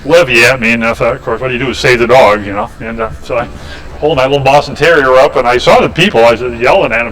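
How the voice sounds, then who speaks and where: A man's voice: mid-range voice, lively intonation, a little fast, a bit bright, poor audio. A man in a woodshop, demonstrating woodturning and telling rambling, folksy anecdotes with chuckles. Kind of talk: casual storytelling during a lathe demo. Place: woodshop, indoors.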